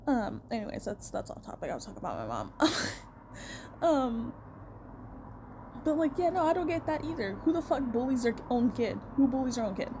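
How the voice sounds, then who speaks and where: Brief: young woman, bit higher voice, blunt sweary storytime rant, noisy take with vehicle sounds behind. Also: sing-song, normal speed, long pauses, warm tone. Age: young adult. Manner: blunt, heavy swearing, heated venting.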